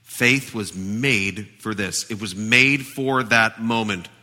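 Bright-voiced man preaching in a hall. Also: lowish voice, slow pace. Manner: emphatic, animated preaching. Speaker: pastor. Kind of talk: sermon.

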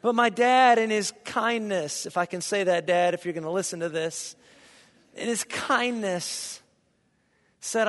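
A middle-aged man from Indiana preaching a sermon, telling a childhood story with lively, joking asides to his listeners. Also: high-pitched, unhurried. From Indiana, USA. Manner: lively anecdotal storyteller, jokes with the audience. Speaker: pastor. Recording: long reverb of a large hall.

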